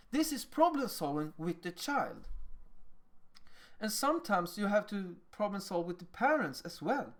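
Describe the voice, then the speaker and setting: Swedish guy lecturing teachers, lively up and down voice, acts out convos. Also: high-pitched, a little slow. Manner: animated, acts out dialogues with children.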